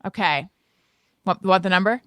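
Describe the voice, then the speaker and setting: A woman guest on a comedy podcast, animated and rambling, with lots of filler words. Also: mid-range voice, moderate pace, dry recording. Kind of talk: casual chat.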